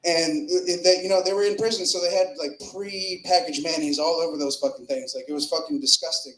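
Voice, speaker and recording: A man's voice: a little high, fairly even intonation, fairly quick, a bit bright. A man doing a crude, rambling open mic stand-up set in a comedy club, speaking into a stage mic with filler words and swings in volume. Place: comedy club with live audience. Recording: roomy club echo.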